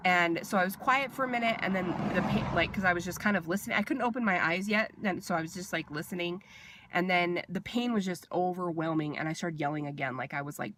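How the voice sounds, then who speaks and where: A woman vlogger casually telling a personal storytime with animated asides and fillers. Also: on the low side, normal speed, dry recording.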